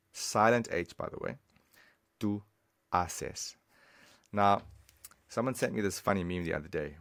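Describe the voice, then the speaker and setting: A man's voice: deep voice, fairly bright tone, dry recording, studio quality. A man giving a casual, chatty online language lesson, talking straight to the viewer. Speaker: language teacher.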